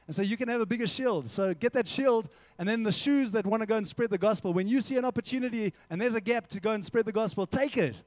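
A young male preacher with a fairly high voice gives an energetic, conversational sermon, addressing the room directly as "guys." The sound is dry and close. He now and then breaks into short acted-out exchanges to make his point. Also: quick pace, few pauses, no echo. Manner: energetic, conversational, acts out little dialogues. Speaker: youth pastor.

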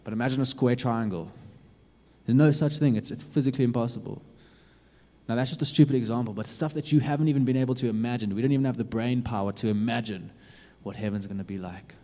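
A man preaching a sermon, earnestly urging his listeners with lots of repetition, swinging from loud to hushed. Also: medium pitch, quick pace. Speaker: youth preacher. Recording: long reverb of a hall.

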